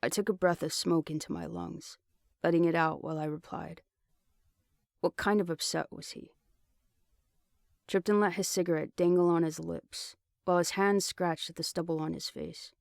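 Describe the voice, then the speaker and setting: A man reads an audiobook in the first person, telling the story steadily. His voice sits a bit high for a man and has a gravelly texture. The sound is dry and close to the mic. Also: steady tone, a little fast, dry recording. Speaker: audiobook reader. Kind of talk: audiobook narration.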